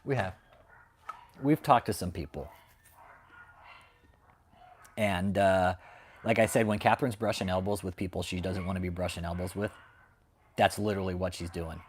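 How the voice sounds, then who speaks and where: Man, American, low voice, profane, confrontational rant, repetitive. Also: fairly even intonation, a little fast, a little hiss or hum. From United States. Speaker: host of a channel exposing cult leaders. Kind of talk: angry ranting commentary. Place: home, with dogs barking nearby.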